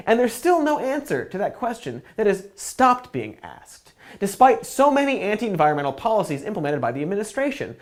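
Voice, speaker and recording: Sarcastic woman doing comedic news rants. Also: on the low side. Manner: sarcastic, profane, exasperated.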